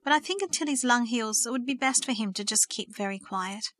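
A woman reading aloud and voicing a devout middle-aged mother who speaks slowly and cautiously. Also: fairly high pitch, a bit bright, dry recording, clean studio sound. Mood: measured. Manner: slow, cautious, hesitant.

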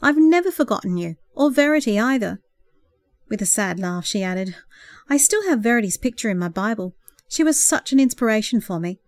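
Female audiobook narrator, fairly high voice, gentle and expressive, dry booth sound. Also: brisk, no echo. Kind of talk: scripted narration.

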